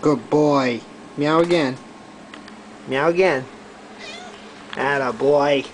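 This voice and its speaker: Slow-talking man teasing his cat. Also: on the high side, slight background noise, low-quality recording. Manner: teasing, coaxing, swings between loud urging and soft baby-talk whispers. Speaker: cat owner filming his pet. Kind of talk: casual home video talk to a cat.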